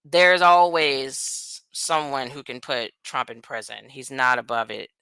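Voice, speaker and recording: Rumbling low yet pushed and bright, this woman's voice is smooth, with no room sound. The American vlogger rants to camera about politics, bluntly and profanely, rambling and making quick asides.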